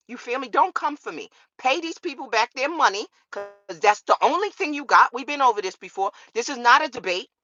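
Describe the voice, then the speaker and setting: A woman's voice: high voice, pushed and bright, dry recording, lo-fi sound. Profane, emphatic woman vlogger. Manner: profane, emphatic, rhetorical questions. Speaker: vlogger on a law channel. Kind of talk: casual straight-to-camera rant.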